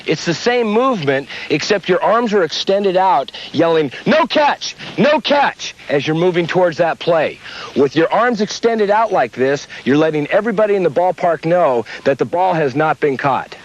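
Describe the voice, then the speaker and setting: Guy walking thru umpire signals step by step, kinda high voice, dull old tape sound. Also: normal speed. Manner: steady, explains step by step. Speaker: umpire instructor. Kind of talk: instructional demonstration. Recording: dull lo-fi old video audio.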